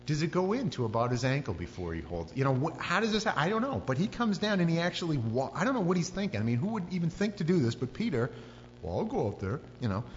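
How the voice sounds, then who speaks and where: Guy preaching, really lively pitch, dull lo-fi sound with long hall echo and a faint hum. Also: quick pace, hardly any pauses. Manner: animated storytelling, acts out screams and voices. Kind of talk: sermon.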